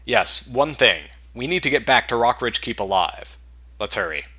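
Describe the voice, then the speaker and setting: A man's voice: mid-range voice, animated, normal speed, pushed and bright, slightly rough. A man voicing a cautious male scout in a fantasy game, speaking in terse, urgent warnings. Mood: earnest. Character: wary male human scout, grim and cautious.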